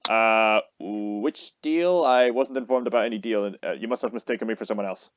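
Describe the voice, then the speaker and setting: A man's voice: fairly low pitch, fairly quick, no echo. A man playing a tabletop game, hesitant and stammering, with stiff, formal phrasing. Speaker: player. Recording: dull lo-fi dry recording.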